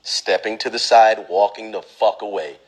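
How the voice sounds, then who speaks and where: A man on a livestream giving blunt, profane advice, lecturing the viewer and mocking others in a whiny high voice. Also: fairly even intonation, normal speed, breathy edge, rough recording. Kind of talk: instagram live rant. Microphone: phone.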